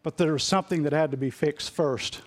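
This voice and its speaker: A man's voice: a little high, a little fast. A middle-aged man preaching a sermon in an earnest, confessional way, often repeating himself as he reaches for the right words.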